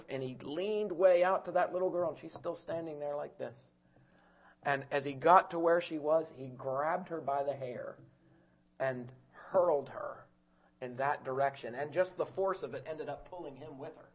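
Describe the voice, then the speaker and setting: A man preaching with a fairly high voice that climbs and swells when he presses his point. He tells stories quietly, then rises to urgent calls, repeating words and restarting as he goes. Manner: swings from loud urgent calls to quiet hushed telling. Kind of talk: sermon.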